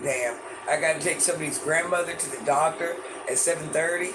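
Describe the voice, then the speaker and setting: A woman with a naturally deep voice, hoarse and losing it, chatting casually with viewers on a live stream and greeting them by name. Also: a little fast, few pauses. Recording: noisy background hiss.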